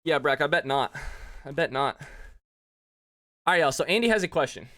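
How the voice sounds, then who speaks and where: A man's voice: on the high side, lively intonation, moderate pace, fairly bright tone, dry recording. A man streaming a game, winded after push-ups, thanking viewers by name and rambling through his thoughts in casual chat. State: out of breath.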